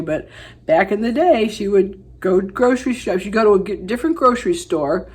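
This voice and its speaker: A woman in her seventies chats her way through a makeup tutorial in a mid-pitched, everyday voice. She rambles with fillers, drifts into long family stories, and drops to quiet asides while she applies color. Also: moderate pace, breathy edge. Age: 70s. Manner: chatty storyteller, rambling with fillers, dropping to soft asides while applying makeup. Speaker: beauty vlogger. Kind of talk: casual makeup tutorial chat.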